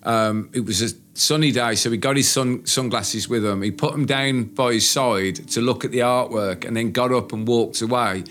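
A man co-hosting a relaxed, informal chat, blunt and freely sweary, with a habit of working himself into rants. His voice sits at an ordinary middle pitch for a man. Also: normal speed, few pauses. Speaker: podcast co-host. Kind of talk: casual chat.

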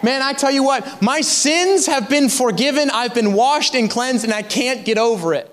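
A man's voice: very high-pitched, normal speed, hardly any pauses. A young adult man, a guest pastor, preaching a fervent sermon that exhorts the congregation.

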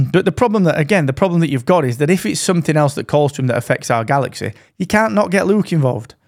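A man's voice: a little high, expressive, fast talker, dry recording, studio quality. A man co-hosting a podcast, bantering in a jokey, sweary way. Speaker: podcast co-host. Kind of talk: casual chat. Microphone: studio dynamic mic.

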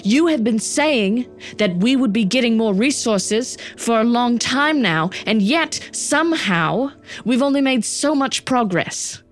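A woman's voice: on the low side, takes it slowly, faint music behind. A woman voicing an angry female commander who speaks with heat and urgency.

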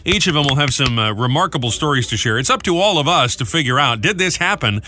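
A man's voice: mid-range voice, lively intonation, fast, pushed and bright. A man co-hosting a morning radio show, joking and running the segments. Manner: jokey, plays host and runs segments.

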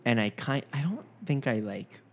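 A young man from Long Island who trained as an actor, chatting casually in a lively, animated way with frequent restarts. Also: medium pitch, moderate pace. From Long Island, raised in Fort Lauderdale. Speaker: actor and dialect coach. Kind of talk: casual conversation.

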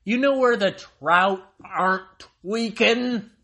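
An American man hosting a sarcastic solo monologue, reading out a news item and breaking off into mocking asides that swing from loud to muttered. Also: sits high, slow pace. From United States. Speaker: solo commentary host.

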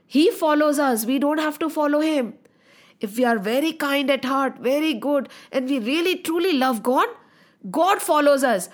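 A woman telling a story to children in an animated, expressive way, pausing to draw out the lesson. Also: high-pitched.

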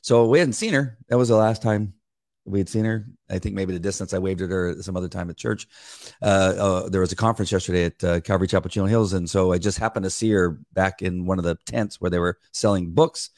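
A man's voice: deep voice, fast, a little mellow, no echo, studio quality. A man, a former police officer co-hosting a devotional podcast, telling a long story in a rambling way with many restarts. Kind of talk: casual devotional chat.

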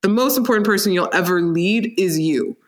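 A woman in her thirties, a company co-founder, telling her career story in an interview, animated and laughing easily as she acts out what others said. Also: medium pitch, brisk. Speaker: startup co-founder, guest.

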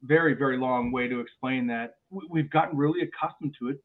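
A male airline pilot, a guest on a podcast, telling stories in a lively way and often restarting his words. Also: mid-range voice, a little fast. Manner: animated storyteller with frequent restarts and repeated words. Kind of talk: podcast interview chat. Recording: phone-like narrow sound.

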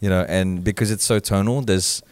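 Low-voiced man in casual podcast chat. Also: steady tone, normal speed, a little mellow, clean tone, no room sound. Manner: rambling, restarts often. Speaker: podcast co-host.

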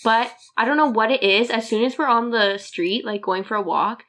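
A woman's voice: a little high, normal speed, a bit bright. A woman chatting casually and laughing, telling stories about her dog and voicing its thoughts. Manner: chatty, giggly, voices her dog's thoughts. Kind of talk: casual chat.

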